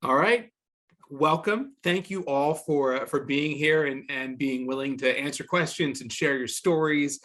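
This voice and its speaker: A middle-aged man hosting a virtual alumni event, speaking in a welcoming, measured way. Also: fairly high pitch, a bit bright.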